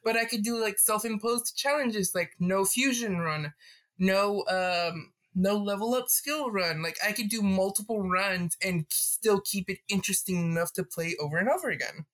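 A man joins a relaxed gaming podcast as a guest. He talks eagerly and at length, dropping casual swears as he goes. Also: high-pitched, normal speed.

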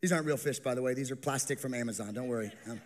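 A young adult male pastor preaching a sermon, an animated storyteller who acts out the people in the story with humor. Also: medium pitch, rapid-fire, big-room sound. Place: church stage with long reverb.

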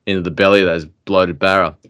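Low, smooth-voiced man. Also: fairly even intonation, fairly quick, fairly bright tone. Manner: musing, calls people mate. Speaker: podcast host. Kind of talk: casual chat.

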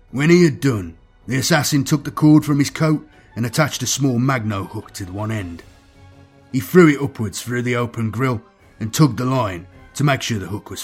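A man narrating a dark science-fiction story in a measured, grim storytelling manner. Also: mid-range voice, breathy edge. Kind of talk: scripted dark sci-fi story reading.

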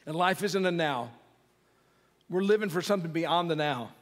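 Preaching with a fairly high voice, lively intonation and a moderate pace, a middle-aged pastor keeps his sermon chatty and humorous. He frequently quizzes the congregation, and a long hall reverb colors the sound.

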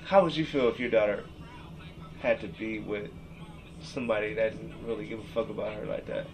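A man's voice: on the low side, fairly even intonation, a little fast, gravelly, over music, poor audio. A man in his thirties from Seattle hosting a podcast, ranting with heavy profanity, rambling and reading his text messages aloud. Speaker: podcast host. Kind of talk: emotional rant.

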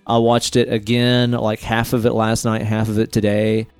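A man's voice: lowish voice, completely flat delivery, moderate pace, a little mellow, clear, resonant tone, dry recording, faint music behind. A man co-hosting a podcast in casual chat, joking and swearing freely. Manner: profane, laughing, joking. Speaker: podcast co-host.

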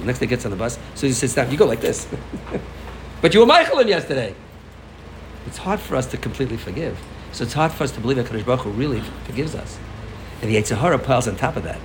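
Lively, animated male rabbi preaching. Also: mid-range voice, fast talker, a little hiss or hum, poor audio. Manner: animated storytelling, swings between loud emphasis and soft asides. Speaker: rabbi giving a farbrengen talk. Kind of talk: informal sermon to a congregation.

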